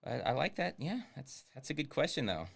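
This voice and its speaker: Male streamer, sarcastic running commentary, lively swooping pitch, casual swearing. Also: fairly quick, gravelly. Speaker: streamer reviewing a film.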